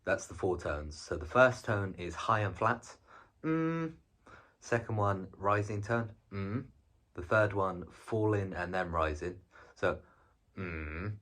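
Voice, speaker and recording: Low-voiced man giving a casual lesson. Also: a little slow, a bit bright. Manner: chatty, rambling, lots of ums and restarts. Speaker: video presenter teaching Chinese.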